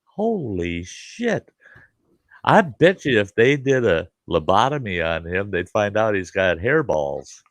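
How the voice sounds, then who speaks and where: A middle-aged man with a very low, gravelly voice spins rambling, profane campfire-style tales in a relaxed live chat. He laughs at his own jokes. The sound is dry and close, with no room echo. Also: measured pace, hardly any pauses. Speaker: campground host. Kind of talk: casual live chat storytelling.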